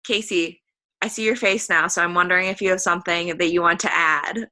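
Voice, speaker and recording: A woman's voice: fairly low pitch, fairly even intonation, a little fast, bright, forceful tone. A woman leading a group video call, talking in a casual, encouraging way. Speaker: call leader.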